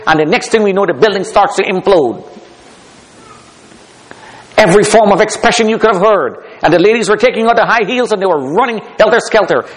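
A man with a high voice recounts his own survival as spoken testimony. He talks emphatically, repeating key words, and swings between hushed passages and forceful ones. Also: rough recording. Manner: emphatic, repeats phrases for effect. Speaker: survivor telling his story.

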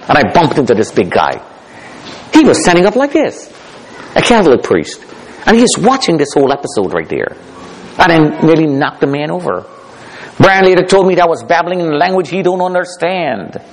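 A man telling his own survival story aloud, emphatic and dramatic, repeating phrases for effect and swinging from hushed to forceful. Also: high-pitched, rough recording. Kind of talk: spoken personal testimony.

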